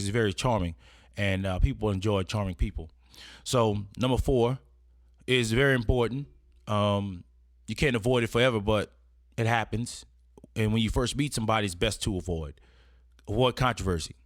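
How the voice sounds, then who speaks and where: Here a man with a fairly low voice offers etiquette advice in a casual instructional style, partly read. Conversational throughout, he checks in often with "right?", and the audio is studio quality with no room sound.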